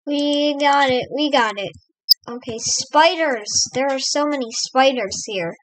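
A woman's voice: high-pitched, measured pace, dry recording, low-quality recording. An American woman hosting a let's play, giving casual, rambling gameplay commentary and chatting to her in-game pets. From United States.

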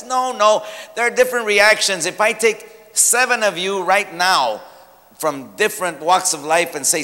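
A male pastor preaching a sermon, telling stories with lively humor. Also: a little high, normal speed. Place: church sanctuary. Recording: long church hall reverb.

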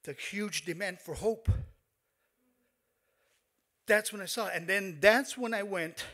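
A middle-aged man tells a personal story live on stage, his voice sitting a little high for a man. He speaks haltingly, full of fillers and restarts, and his emotion shows through. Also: pushed and bright. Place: stage in a performance hall.

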